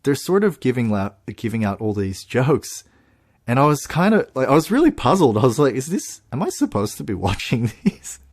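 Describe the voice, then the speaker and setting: A man co-hosting a podcast, chatting in an animated way with laughs and restarts. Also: mid-range voice, moderate pace. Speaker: podcast co-host. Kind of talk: casual chat. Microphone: podcast microphone.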